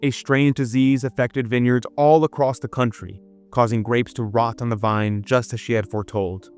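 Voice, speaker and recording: A man's voice: medium pitch, steady tone, normal speed, a little mellow, smooth, faint music behind. A man hosting a video in earnest, dramatic scripted narration. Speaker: video host.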